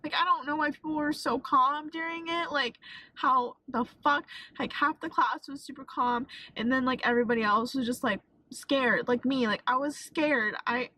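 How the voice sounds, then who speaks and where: Tearful young woman vlogging, slightly high. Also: steady tone, moderate pace, sharp tone, dry recording, rough recording. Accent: Texan. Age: young adult. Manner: emotional, swearing, fillers of "like". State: tearful, crying. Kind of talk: casual storytime vlog.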